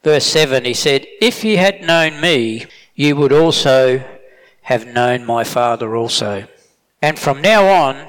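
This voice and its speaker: A middle-aged man delivers a sermon in a plain, emphatic way, often stopping to restart his sentences. His voice sits a little higher than most men's. The sound carries a long reverb tail, as in a large hall. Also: a bit bright. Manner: plain-spoken, emphatic, with self-corrections. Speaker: preacher.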